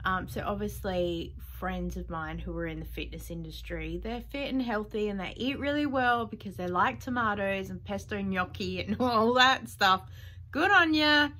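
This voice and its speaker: A woman's voice: mid-range voice, normal speed, bright, forceful tone, a little hiss or hum. A middle-aged woman with an Australian accent, chatting casually in a vlog, laughing often as she retells her week. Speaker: vlogger.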